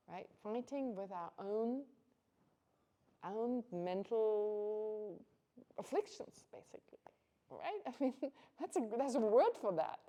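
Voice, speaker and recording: A woman's voice: medium pitch, lively intonation, slow pace, long pauses, mellow. A woman giving an informal Buddhist teaching to a class, chatty and conversational, laughing often and restarting her sentences.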